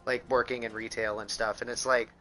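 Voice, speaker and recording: A man's voice: medium pitch, flat delivery, fairly quick, bright, forceful tone. A young man from Kansas with a Midwestern American accent, rambling profanely with lots of fillers in casual gameplay commentary at home. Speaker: gaming streamer.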